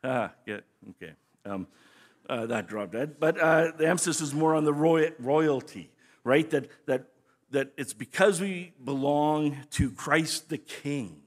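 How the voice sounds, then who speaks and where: A man's voice: on the high side, a little slow. Man teaching scripture conversationally. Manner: conversational, explanatory, frequent restarts. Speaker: pastor. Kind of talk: sermon teaching.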